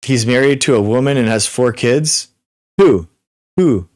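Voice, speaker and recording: A young man hosting a live stream, answering chat questions in a rapid, repetitive, exasperated way with many restarts. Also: mid-range voice, darkish tone, no echo, clean studio sound. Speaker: livestream host. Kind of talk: live Q and A chat reading viewer comments.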